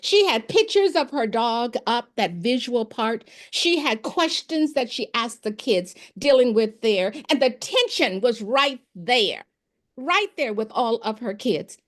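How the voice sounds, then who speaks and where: Woman, former school principal, expert guest, storytelling, voices the people in her stories, high voice. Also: a little slow. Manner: animated, acts out dialogue in her anecdotes. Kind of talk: storytelling in an informal interview.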